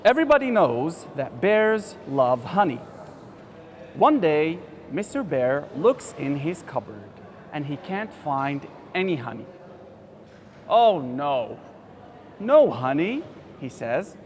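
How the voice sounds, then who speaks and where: A man's voice: fairly high pitch, sing-song, measured pace. A man from Algeria hosting a reading lesson, reading a story aloud to children in a friendly, encouraging way. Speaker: teacher and show host.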